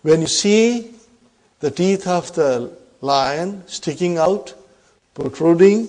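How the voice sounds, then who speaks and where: Teacher quizzing his class, mellow voice. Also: high voice, slow. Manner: explains and quizzes students with frequent "huh?". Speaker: Arabic teacher. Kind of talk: classroom grammar lesson.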